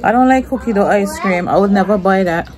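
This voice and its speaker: A woman with a Caribbean accent chatting casually in a family vlog at home, animated and loud when calling her children. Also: medium pitch, fairly quick, a crowd in the background. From Caribbean, born in Jamaica, raised in Anguilla. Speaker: family vlogger, mother.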